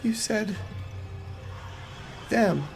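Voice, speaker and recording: A man's voice: high-pitched, extremely slow, creaky, music in the background, pitched above the performer's own voice, exaggerated voice. A man voicing an eerie little girl in a tabletop role-play game.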